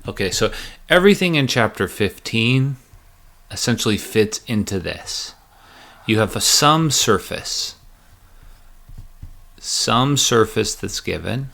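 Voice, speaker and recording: A man's voice: fairly low pitch, animated, takes it slowly, vocal fry, pauses often, pushed and bright. A man teaching a recorded math lecture, chatty and joking as he walks through each step aloud.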